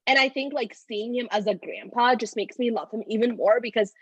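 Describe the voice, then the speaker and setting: A woman in her thirties talks as a podcast guest in loose, run-on phrases packed with "like". Her voice sits a little high, and the recording is close and dry. She sounds emotional and open. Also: a little fast, slightly rough, no echo, muffled recording. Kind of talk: casual conversational storytelling.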